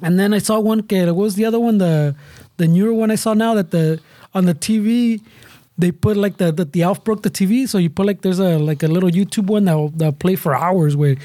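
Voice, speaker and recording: A man rambles through a profane story in casual chat. His voice is mellow and warm. The sound is dry and close. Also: sits high, fairly quick, dry recording. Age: adult parent. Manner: profane rambling storytelling mixing English and Spanish.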